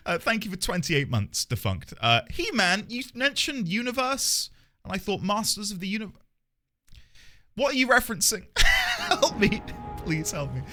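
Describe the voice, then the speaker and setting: A man's voice: high-pitched, sharp tone. A man live-streaming a game, chatting playfully with viewers, with theatrical asides and frequent laughter.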